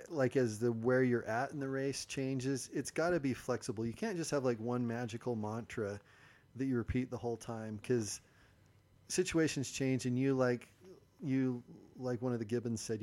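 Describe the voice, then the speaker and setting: A man's voice: mid-range voice, darkish tone. A man hosting a podcast, explaining ideas thoughtfully in a coach-like, casual way. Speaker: podcast host.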